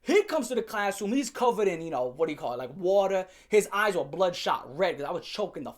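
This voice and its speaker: Profane, animated storytelling man. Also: high voice, fairly quick. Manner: profane, animated, laughs while telling. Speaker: vlogger telling a story. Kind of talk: casual storytime rant.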